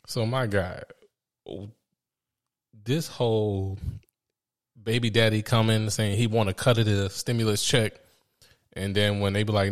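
Laid-back low-voiced podcast host. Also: male voice, fairly even intonation, normal speed, long pauses. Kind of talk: casual chat.

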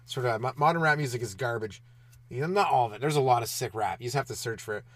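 A young man hosting his own comedy podcast, riffing and ranting alone with lots of swearing and quick mocking asides. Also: medium pitch, a bit bright. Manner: profane, riffing, mocking voices mid-rant. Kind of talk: rambling solo comedy podcast.

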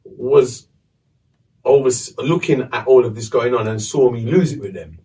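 A man, a podcast host telling a story casually, animated and swearing. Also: mid-range voice, moderate pace, far from the mic.

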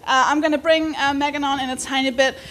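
A woman's voice: high-pitched, level tone, fast talker, fairly bright tone, slight background noise. A woman hosting a live podcast before an audience, chatting, giggling and swearing as she mocks herself. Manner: giggly, swearing, self-mocking. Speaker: podcast host.

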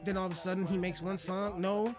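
A man's voice: high voice, little pitch movement, brisk. A man, a rapper, delivering an aggressive, mocking, profanity-heavy ranting monologue. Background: music playing.

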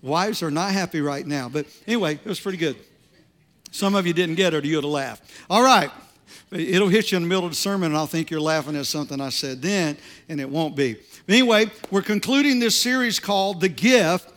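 A man preaching to his congregation, telling a funny story and reading scripture in a relaxed, conversational way with frequent restarts. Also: on the high side, fairly quick. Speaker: pastor. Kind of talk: sermon.

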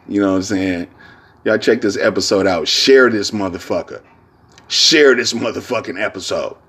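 This casual solo podcast monologue comes from a man hosting his own show in a lowish, slightly rough voice. He rambles loosely and profanely, leaning on slang, repeating filler phrases, and laughing a lot.

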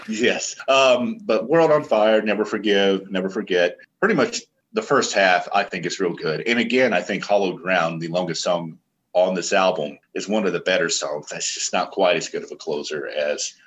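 A man's voice: low-pitched, moderate pace, fairly bright tone, lo-fi sound, slight background noise. A man co-hosting a podcast, chatting loosely about music and swearing freely. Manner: laid-back, swears freely. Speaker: podcast co-host. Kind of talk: casual music review chat.

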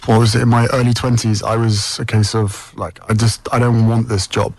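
A man's voice: lowish voice, little pitch movement, moderate pace, gravelly, darkish tone, no echo. A man with a British accent speaking earnestly and reflectively as a podcast interview guest. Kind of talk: long-form interview.

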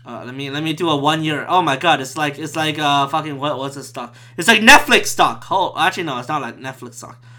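A man's voice: a little high, a little fast, pushed and bright. A man talking about a video game in a casual, profane rant, full of restarts and repeated words. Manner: profane, ranting, frequent restarts. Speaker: gaming commentator.

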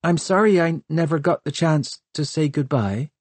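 A fierce, guarded young woman speaks in clipped, tense bursts, as a male narrator puts her on. The voice is raised and a little husky. It sounds dry and close to the mic. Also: on the high side, normal speed, darkish tone, no echo, pitched above the performer's own voice, close to an everyday voice. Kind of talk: audiobook character voice.

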